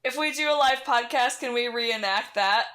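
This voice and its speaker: A young woman co-hosts a podcast in loose banter, teasing, laughing often and swearing freely. Her voice is bright and a little high for a woman. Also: normal speed. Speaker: podcast co-host. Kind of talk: casual banter.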